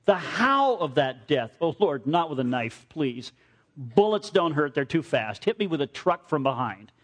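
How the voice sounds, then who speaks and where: A man preaching a sermon, telling stories in an animated way and often repeating phrases. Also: a little high, measured pace. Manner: animated storytelling, repeats himself.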